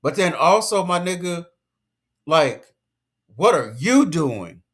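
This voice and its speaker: A commentary vlogger delivers a casual rant, emphatic and lecturing, stuffed with slang and repeated points. His voice is a little high and sing-song, and he speaks at a slow pace.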